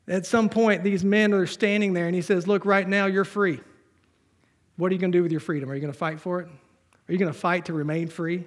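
A man with a high-pitched voice is preaching in a church. He reads scripture passages aloud and breaks into relaxed, joking asides to the congregation. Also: fairly quick. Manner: conversational preaching with humor, reading scripture aloud. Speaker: pastor. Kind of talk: sermon.

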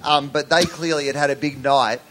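A man's voice: on the high side, steady tone, fairly quick, a bit bright, low-quality recording. A man who writes a newspaper column, telling a story in a casual chat and acting out what others said. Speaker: comedian and columnist.

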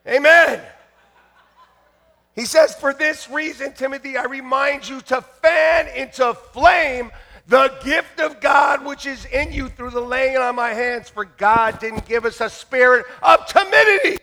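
A man preaching a fiery sermon to his church, shouting and joking by turns. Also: extremely high pitch, measured pace. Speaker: pastor. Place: church sanctuary.

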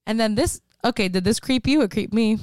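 A giggly woman in her twenties co-hosts a film-recap podcast. She gushes and swears freely in a smooth, fairly high voice, and the recording is dry and close. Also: fairly quick, a little mellow, no echo. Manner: giggly, gushing, profane. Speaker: podcast co-host. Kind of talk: casual film-recap chat.

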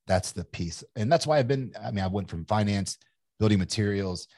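A man's voice: fairly low pitch, expressive, brisk, darkish tone, dry recording. A man in his forties from Kentucky, an entrepreneur telling his story in a candid, rambling interview with many restarts. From Kentucky, USA. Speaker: entrepreneur guest.

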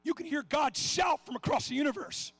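A middle-aged man preaching a sermon with passion, swinging between shouts and hushed asides. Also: very high voice, animated, moderate pace, no room sound.

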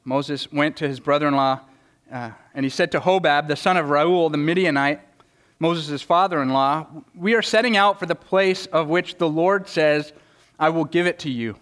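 A man's voice: fairly high pitch, moderate pace, a bit bright, clear, resonant tone. A man preaching a sermon, earnest, often repeating words as he starts a thought. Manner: earnest, stammering repetitions, voices quoted speakers. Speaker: pastor.

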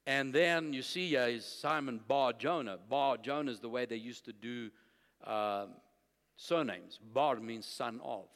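A man preaching a sermon, telling stories and building to loud declarations of faith. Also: medium pitch, a little slow, in a large hall.

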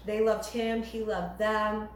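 A woman's voice: medium pitch, level tone, slow pace. A woman preaching a sermon in an emphatic manner, her voice rising sharply when she quotes cries to God. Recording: echoey room with faint noise.

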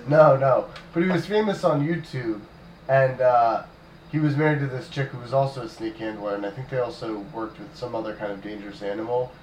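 A man's voice: mid-range voice, brisk. A man bantering and telling rambling stories on a casual podcast with friends. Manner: joking, rambling storyteller. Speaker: podcast co-host. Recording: echoey room, distant mic, faint noise.

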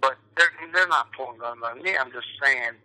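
Bright-voiced rambling New York man. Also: medium pitch, moderate pace, low-quality recording. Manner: rambling, full of fillers and restarts. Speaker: actor guest. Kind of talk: casual interview chat.

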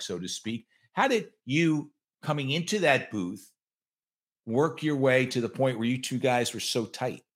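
A man's voice: fairly low pitch, fairly bright tone. A man hosting an interview, introducing a book and asking a long conversational question. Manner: conversational, with fillers. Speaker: interviewer, host.

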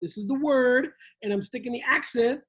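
A man's voice: very high-pitched, moderate pace, a bit bright, husky. A man from Miami co-hosting a casual, comedic chat, playfully slipping Spanish words and phrases into his talk. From Miami, USA. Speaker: co-host.

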